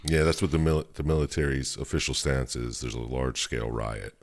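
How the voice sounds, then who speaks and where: A man's voice: a bass voice, a little fast. A man co-hosting a podcast, joking and chiming in casually. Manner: joking, lively interjections. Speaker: podcast co-host. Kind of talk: casual chat.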